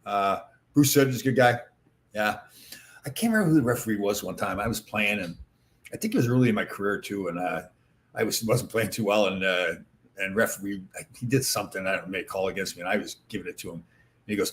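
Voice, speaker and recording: Man in his sixties, low voice, casual rambling storytelling, filler words. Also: fast talker, a little hiss or hum. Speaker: host, former hockey player. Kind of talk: casual chat answering viewer comments.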